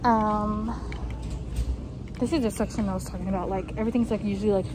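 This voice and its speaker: A woman's voice: mid-range voice, steady tone, brisk, background noise. A woman vlogging from her car, chatting and ranting casually in slangy everyday talk. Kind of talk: casual vlog chat. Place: in a car while driving.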